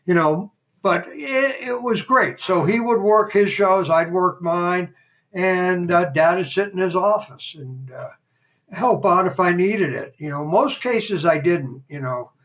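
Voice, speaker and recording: An older man telling stories as a podcast guest in a casual interview, lively and acting out the voices of people in his anecdotes. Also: high voice, measured pace. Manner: animated raconteur who acts out quoted dialogue.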